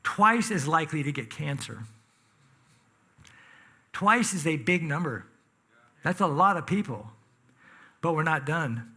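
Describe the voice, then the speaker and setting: Male pastor, fairly high voice, casual and emphatic from the pulpit, draws the congregation into the sermon. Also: lively intonation, unhurried, pauses often, sharp tone, husky. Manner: conversational, emphatic, asks the congregation questions. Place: church sanctuary.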